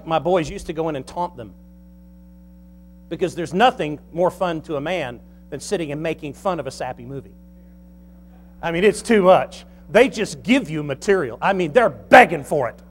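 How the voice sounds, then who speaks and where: A man's voice: high-pitched, lively intonation, moderate pace, fairly bright tone. A middle-aged man, a pastor preaching a folksy, humorous sermon.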